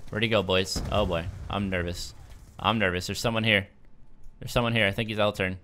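A young man giving excitable live commentary over his shooter gameplay, yelping and groaning at every setback. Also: fairly low pitch, a little fast, a little hiss or hum. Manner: excitable, yelps and laughs when things go wrong. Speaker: gaming YouTuber. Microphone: desk microphone at a gaming setup.

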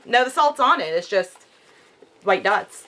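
A woman vlogging a casual unboxing at home, chatty and excitable, cooing at her dogs. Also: a little high, measured pace.

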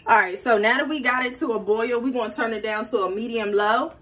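A woman's voice: fairly high pitch, quick pace, pushed and bright, rough recording. A woman hosting a casual cooking tutorial, chatty and playful, talking straight to her viewers. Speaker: cooking vlogger.

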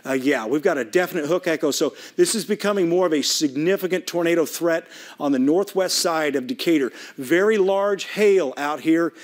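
A TV meteorologist on air during a live severe weather broadcast, his voice pitched a little high. He speaks with steady urgency from the studio, walking viewers through the radar. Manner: urgent, rapid, working the radar while talking.

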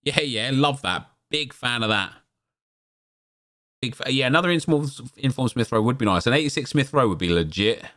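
A man hosting a gaming channel, chatting casually and breaking into excited exclamations as he comments on opening game packs. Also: medium pitch, normal speed.

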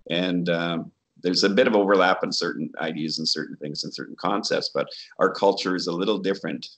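A man's voice: low-pitched, steady tone, a little fast, fairly bright tone. A man being interviewed as a guest, musing aloud, searching for words and laughing often. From Canada. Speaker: guest, Bigfoot researcher. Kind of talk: casual interview chat.

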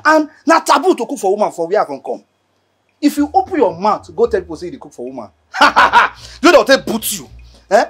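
An actor with a Nigerian accent playing a cheeky young houseboy who mocks and teases in a sing-song way. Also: male voice, sits high, sing-song, fairly quick, a bit bright, slightly rough, heavily acted. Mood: teasing. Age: young adult. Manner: mocking, teasing, sing-song. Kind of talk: film acting.

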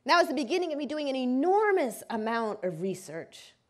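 A woman's voice: sits high, sing-song, brisk. A woman lawyer giving a lecture, telling a personal story vividly and dramatically. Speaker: civil rights lawyer and speaker.

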